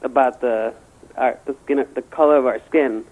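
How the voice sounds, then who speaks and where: A man's voice: mid-range voice, steady tone, normal speed. A man telling a rambling, crude personal story in casual chat, stammering and restarting often. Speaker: guest. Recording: tinny phone line.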